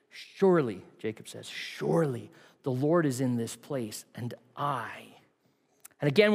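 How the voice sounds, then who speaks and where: A man's voice: on the high side, husky. Guy preaching in church, storytelling, big hall echo, voice goes up and down a lot. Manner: storytelling, lively and varied delivery with quiet asides. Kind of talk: sermon.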